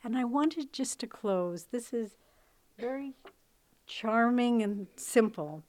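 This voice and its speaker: A woman spiritual teacher speaks to a gathering in a relaxed storytelling way. She slips into quoted voices and lets her emphasis sink into soft, low endings. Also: slow. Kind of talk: informal spiritual talk.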